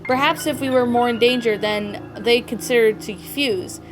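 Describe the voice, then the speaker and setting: Firm, protective female gem, woman doing the voice, raised pitch, soft music behind. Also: moderate pace, natural voice. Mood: stern. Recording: faint background music.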